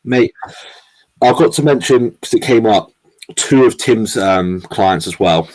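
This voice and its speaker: A young man co-hosting a podcast, chatting casually and excitably, swearing and saying "mate" all the time. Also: fairly low pitch, unhurried, no echo, low-quality recording. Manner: excitable, swears a lot, says "mate" constantly. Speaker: podcast co-host. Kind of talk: casual chat.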